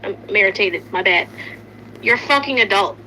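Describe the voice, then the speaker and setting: A woman's voice: medium pitch, lively intonation, moderate pace, bright, forceful tone, a little hiss or hum, poor audio. A young woman in heated casual commentary, angry and swearing often as she rants.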